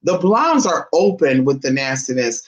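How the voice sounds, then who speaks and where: A man talking casually and gossipily to his viewers, calling them y'all and honey, swinging from soft asides to loud exclamations. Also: medium pitch, very animated, moderate pace, poor audio. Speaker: vlogger.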